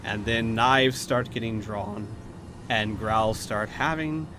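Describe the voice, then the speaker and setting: A man's voice: on the low side, slow, sharp tone, a little hiss or hum. A man narrating scenes and explaining rules as the game master of a tabletop role-playing game, in a chatty, descriptive way.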